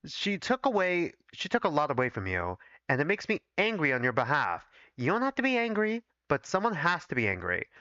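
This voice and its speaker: A man's voice: fairly high pitch, wildly swooping pitch, brisk, hardly any pauses, pushed and bright, no room sound, highs cut off, exaggerated voice. A man voicing a scheming male doctor who talks coaxingly and matter-of-factly about murder. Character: scheming male doctor, protective older-brother type.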